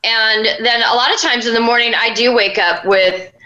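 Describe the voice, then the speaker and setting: A woman's voice: on the high side, steady tone, moderate pace, pushed and bright, roomy sound, dull audio. A woman inventor as a guest, chatting casually and rambling with many fillers. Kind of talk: casual interview talk.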